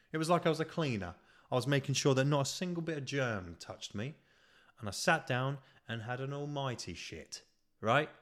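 A young man hosting a podcast, telling a comically petty story in a profane, ranting way. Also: mid-range voice. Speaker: podcast host. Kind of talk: casual storytelling monologue.

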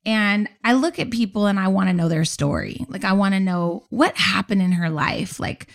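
A woman co-hosting a podcast, telling a story in a lively, dramatic way in casual chat. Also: medium pitch, moderate pace, creaky. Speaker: podcast co-host.

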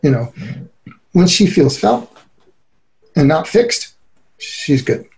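Middle-aged guy talking relationships in an interview, kinda gravelly, mellow low-ish tone, earnest and laughs a lot. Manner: earnest, animated, quick to laugh. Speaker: guest expert on relationships. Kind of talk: conversational interview.

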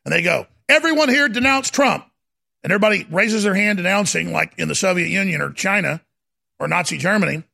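A man hosting a talk radio show, ranting fiercely and stammering as he swings from shouting to low muttering. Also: fast, creaky. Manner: fiery, stammering restarts.

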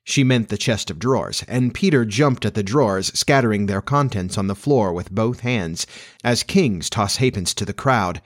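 A man narrating a children's classic as an audiobook in a measured, expressive storytelling manner. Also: lowish voice.

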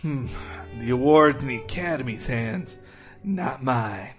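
A man voicing a wounded frontier actor in a comedy sketch, speaking in a slow, strained, exaggerated way. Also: medium pitch, animated, over loud music, lightly acted.

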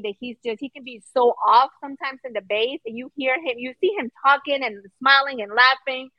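A woman's voice: on the high side, no echo, dull audio. A woman co-hosting a casual sports podcast, venting emphatically with rhetorical questions. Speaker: podcast co-host.

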